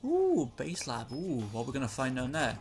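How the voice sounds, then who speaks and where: Over soft background music, a man riffs on a video game with joking, exclamatory remarks. His mid-range voice swings hugely in pitch while keeping a normal speed.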